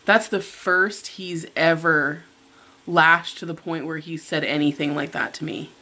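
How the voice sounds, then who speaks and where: A woman's voice: sits low, measured pace. A middle-aged woman vlogger telling a story over breakfast in a casual chat, acting out what she said. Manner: animated retelling, acting out her own quoted lines. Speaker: mukbang vlogger.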